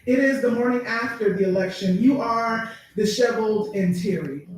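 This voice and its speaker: A woman poet reads her spoken-word verse in a measured, deliberate way, pausing between lines. She is heard from a distance, and her voice rings around a very echoey room at a live bookstore event. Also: fairly high pitch, a little hiss or hum. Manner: measured, deliberate delivery with pauses. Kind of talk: spoken-word poetry reading.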